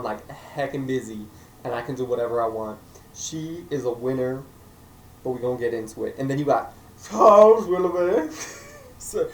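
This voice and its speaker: A man's voice: medium pitch, darkish tone. A man reviewing a movie in a casual, joking way, acting out characters in silly voices. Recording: echoey room, mic at a distance, faint noise.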